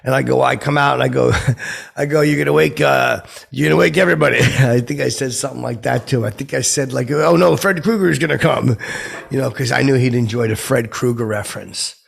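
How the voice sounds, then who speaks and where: In a comedic character podcast monologue, a man plays a rambling, starstruck oddball telling awkward celebrity stories. His mid-range voice is gravelly and husky, delivered flatly and a little fast. He meanders, adding nervous asides.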